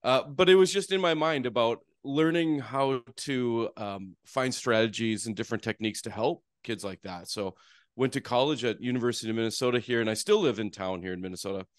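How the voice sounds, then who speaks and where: A man's voice: mid-range voice, a little fast, dry recording. Chatty North Dakota man, dry sound. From North Dakota, USA. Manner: chatty and self-deprecating, with frequent "you know". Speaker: podcast guest, therapist. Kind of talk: casual storytelling interview.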